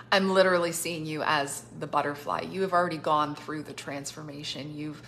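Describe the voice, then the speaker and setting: A woman's voice: low voice, steady tone, moderate pace, fairly bright tone, a little hiss or hum. A woman with a cough giving spontaneous prophetic words to people over a live stream, effusive and chatty, laughing often and saying "like" a lot. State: has a cough, on cough syrup. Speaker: prophetic minister.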